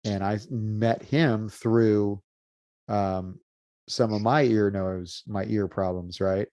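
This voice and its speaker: Homem de voz grave e escura. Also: male voice, fairly low pitch, steady tone, slow, warm tone, dry recording. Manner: reacts with short remarks and laughter. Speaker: podcast host. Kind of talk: casual interview chat.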